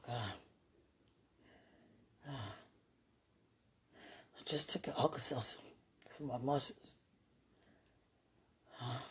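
A woman murmurs an emotional spoken prayer, her voice deeply husky and breathy. She talks slowly and softly, as if calming herself while she prays. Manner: murmured, soft-spoken, self-soothing. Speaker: mother.

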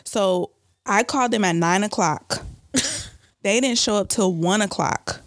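Animated woman telling a story. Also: medium pitch, unhurried, dry recording, clean studio sound. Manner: animated storytelling, quoting people in raised voice. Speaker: storyteller among friends. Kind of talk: casual chat.

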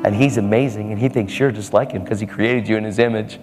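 A man's voice: lowish voice, steady tone, fast talker. A man preaching a sermon boldly and emphatically, with laughing asides. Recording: hall reverb with faint music.

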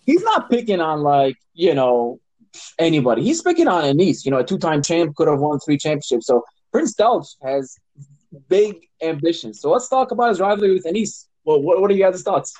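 A man, a regular of the show, telling a lively story in casual podcast chat. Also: a little high, fairly quick, no room sound, rough recording. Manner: animated storyteller.

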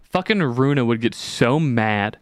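A young man co-hosting a podcast, telling stories in casual chat, animated and swearing freely, acting out the people he quotes. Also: medium pitch, measured pace, no room sound. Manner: swears a lot, animated storytelling with quoted voices. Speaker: podcast co-host.

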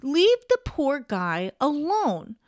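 A woman's voice: sits high, huge pitch swings, slow, no room sound, studio quality. A young woman hosting a casual solo podcast, chatting and ranting in an opinionated, gossipy way. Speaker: podcast host.

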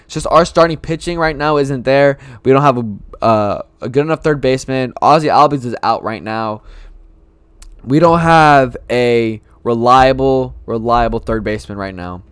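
A man rambles through casual solo sports talk as a frustrated fan, circling back and repeating his points. His voice is smooth and clear, recorded dry and close with no room around it. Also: medium pitch, normal speed, no room sound.

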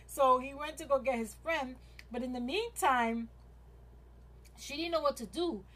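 A woman's voice: high voice, a little slow, a bit bright. A woman hosting her own podcast, retelling a story in a casual, rambling way with many fillers and restarts. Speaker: podcast host. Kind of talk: casual chat, retelling stories.

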